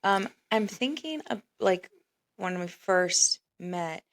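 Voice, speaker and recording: Casting: woman, 40s, podcast co-host, playful teasing banter, quick to laugh. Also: medium pitch, lively intonation. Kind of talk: casual chat.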